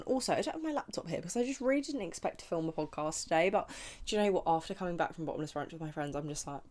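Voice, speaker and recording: Podcast host, woman in her twenties, deep-ish voice, blunt and ranty, tipsy chatter. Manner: ranting, blunt, animated, slangy. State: tipsy and chatty after brunch. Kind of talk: casual chat.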